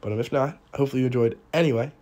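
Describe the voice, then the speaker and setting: A young man giving live commentary over his own gameplay, excitable, swinging from quiet muttering to loud outbursts at the game. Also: medium pitch, racing, a little hiss or hum. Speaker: gaming YouTuber.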